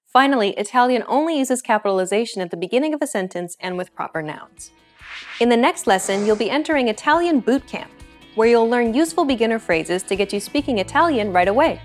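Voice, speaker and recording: A woman hosting a language lesson, reading a script with a clear, upbeat teacher's delivery. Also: on the high side, lively intonation, fast talker, soft background music.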